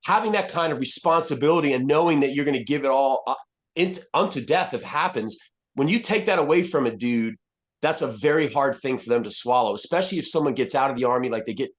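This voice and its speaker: Brief: man, 50s, retired soldier on a podcast, blunt and profane, mid-pitched, candid storytelling. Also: fast talker. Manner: blunt, profane, frequent restarts and fillers.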